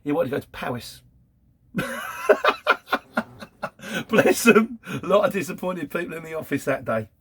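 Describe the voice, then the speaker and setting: A man's voice: on the high side, lively intonation, normal speed, pauses often, husky. A man, chatting casually in a Q&A about work as a courier driver and telling anecdotes. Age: 50s. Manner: chatty storytelling, laughs between anecdotes. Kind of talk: casual Q&A monologue.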